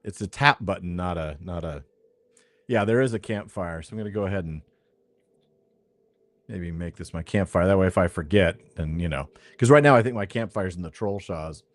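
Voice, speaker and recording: A low-voiced man, recorded dry and speaking at a moderate pace, hosts a game stream. He's a streamer and podcast host who chats casually and thinks aloud while playing.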